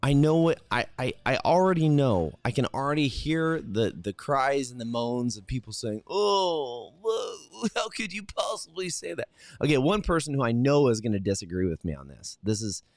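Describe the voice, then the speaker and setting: Male host, morning motivational show, animated and high-ish, energetic, dry close sound. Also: a little fast, hardly any pauses, no echo. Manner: energetic, talks straight to viewers with many fillers and restarts.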